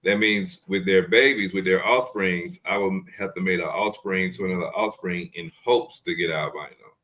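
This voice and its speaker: A man with a very low voice talks casually over a video call. He walks through how his snakes breed step by step, circling back and repeating himself as he explains. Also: normal speed, bright, forceful tone. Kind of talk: casual show-and-tell chat.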